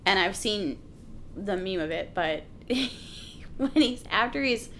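A woman's voice: medium pitch, animated, slow pace, fairly bright tone, a little hiss or hum. A woman in casual chat about a film, enthusiastic and laughing, swearing freely. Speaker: podcast co-host discussing a film.

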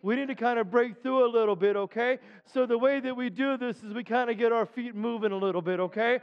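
A man preaching a sermon as pastor in a church, urging the congregation to respond and rising into loud chanted shouts. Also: extremely high pitch, brisk, clean tone, big-room sound, lo-fi sound. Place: church sanctuary.

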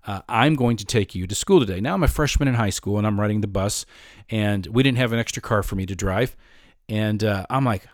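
Male storyteller, lowish voice, dry close sound, easygoing anecdotal delivery with ums and uhs. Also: dry recording. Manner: relaxed conversational storytelling with fillers. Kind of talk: personal anecdote.

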